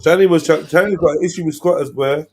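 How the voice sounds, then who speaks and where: A man chats on a live stream in a loose, slangy way. His voice sits a touch high for a man, and he keeps up a steady stream of shout-outs. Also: fast talker, slightly rough. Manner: laid-back banter with slang, shout-outs to viewers. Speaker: livestream host. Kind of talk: casual live stream chat.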